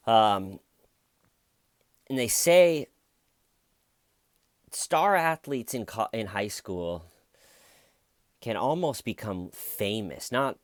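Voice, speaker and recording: A man's voice: on the low side, animated, extremely slow, long pauses, no room sound, clean studio sound. A man giving casual true crime commentary as a YouTuber, rambling and wry, with jokes.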